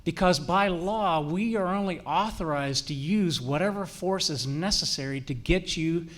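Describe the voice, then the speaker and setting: Middle-aged male officer, fairly high voice, earnest and direct; lecturing on safety, keeps checking in with the room. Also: moderate pace. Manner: earnest, direct, often checks in with "all right?". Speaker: campus police officer and trainer.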